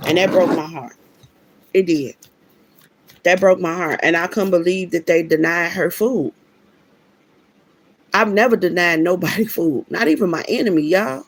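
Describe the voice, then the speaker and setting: Gravelly-voiced woman preaching about karma. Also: medium pitch. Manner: emphatic, preachy, slangy, with many restarts. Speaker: vlogger. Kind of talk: casual spiritual storytelling.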